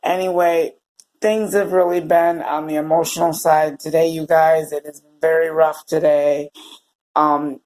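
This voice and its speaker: A male vlogger talking to his viewers in a tearful, emotional way, halting and close to crying. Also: fairly high pitch, flat delivery, a little mellow, low-quality recording. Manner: emotional and halting, often addressing viewers as "you guys". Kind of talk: personal video diary.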